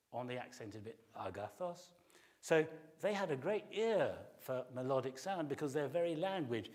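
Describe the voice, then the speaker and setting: A man's voice: mid-range voice, darkish tone. Man giving an explanatory music lecture. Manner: explanatory, sings short snatches of melody to illustrate. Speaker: classics professor giving a pre-concert talk. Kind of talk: public lecture.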